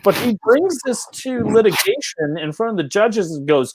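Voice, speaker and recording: A man co-hosting a casual sports fan show, telling a story with lively swings in his voice. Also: high voice, slightly rough. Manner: animated storyteller, drawn-out phrasing. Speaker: co-host. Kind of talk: casual banter among friends.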